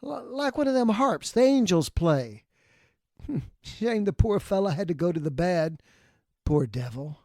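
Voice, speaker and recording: A man's voice: high-pitched, lively intonation, unhurried, warm tone, no room sound, studio quality. A man voicing a kindly old rural man who talks in a folksy way, with a stammer. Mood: wistful.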